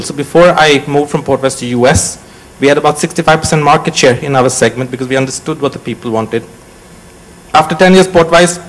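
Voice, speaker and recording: A man's voice: fairly high pitch, low-quality recording. A man in his forties with a Swedish accent, a startup CEO introducing himself on a conference panel in short, joking, choppy phrases. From Sweden. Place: conference stage.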